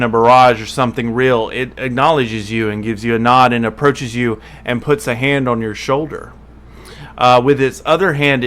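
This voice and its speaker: A man's voice: mid-range voice, a bit bright. A man running a tabletop game as game master, narrating descriptively with frequent fillers and self-corrections.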